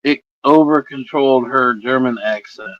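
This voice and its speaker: A man's voice: medium pitch, normal speed, no echo, lo-fi sound. A man in his forties from Indiana hosting a livestream, chatting loosely with his viewers, rambling and swearing constantly. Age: 40s. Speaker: livestream host. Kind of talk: casual chat with viewers. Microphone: streaming setup microphone.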